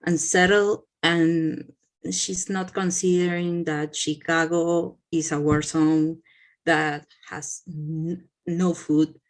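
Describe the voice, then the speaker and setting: A woman's voice: low voice, little pitch movement, slow pace. A woman co-hosting a podcast who explains her view earnestly in casual discussion. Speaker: podcast co-host.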